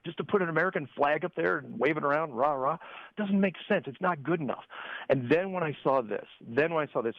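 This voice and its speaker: An animated man on a call-in radio interview, with a gravelly, slightly high voice that jumps ahead of itself. He keeps restarting his sentences. The line is muffled and lo-fi, a dry phone connection. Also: no room sound. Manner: animated, excitable, stumbling restarts. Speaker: guest.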